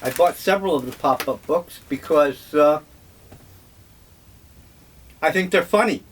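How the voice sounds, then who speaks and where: Older male vlogger, slightly high voice, unhurried wry reminiscing. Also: a little hiss or hum. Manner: slow, wry, meandering storytelling. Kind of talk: casual reminiscing monologue.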